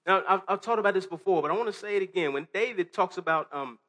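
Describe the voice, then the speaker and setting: A man's voice: high-pitched, fast talker, sharp tone. A man preaching a sermon to a congregation, talking earnestly and conversationally with restarts and rhetorical questions. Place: church hall before a congregation.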